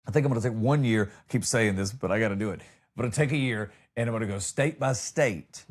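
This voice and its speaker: A man's voice: fairly low pitch, quick pace. An American man hosting a comedy podcast, telling stories in a loose, rambling way with jokey asides. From United States.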